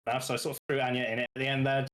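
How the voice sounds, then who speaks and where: A British man chatting on a stream call, apologetic and quick in bursts. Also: mid-range voice, flat delivery, a bit bright. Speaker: co-streamer guest. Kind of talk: casual chat.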